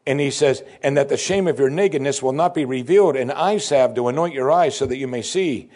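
A man preaching a sermon, animated, swinging between loud emphasis and soft, quiet asides. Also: mid-range voice, brisk.

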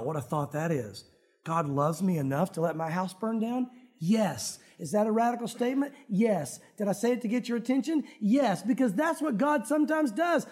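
A man's voice: extremely high pitch, a little mellow. A male pastor preaching a sermon in church, conversational, with joking asides to the congregation. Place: church sanctuary.

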